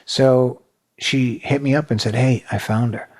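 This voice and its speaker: A man's voice: medium pitch, steady tone, measured pace. A middle-aged man from New England, a podcast guest telling his own story candidly, blunt and given to swearing. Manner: blunt, swears freely, emotional retelling.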